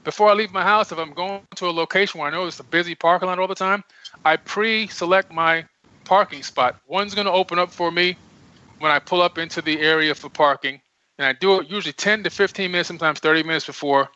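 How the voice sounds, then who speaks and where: Earnest man with a bright voice. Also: sits high, fast talker, smooth, no room sound. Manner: earnest, emphatic, preaching self-empowerment. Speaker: radio show guest. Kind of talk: casual radio interview. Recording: dull lo-fi radio audio.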